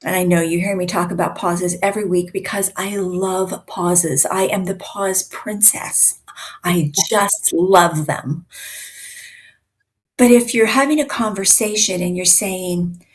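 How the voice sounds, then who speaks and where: A woman in her sixties hosting and coaching, teaching in a conversational way with deliberate pauses. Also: on the low side, fairly even intonation. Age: 60s. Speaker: host and speaking coach.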